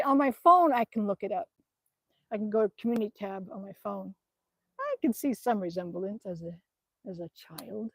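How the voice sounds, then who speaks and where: Slow-talking woman chatting on a livestream. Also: medium pitch, husky, dry recording. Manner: chatty, laughs often, mutters to herself while tapping through her screen. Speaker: vlogger reading live chat comments. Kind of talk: casual livestream chat.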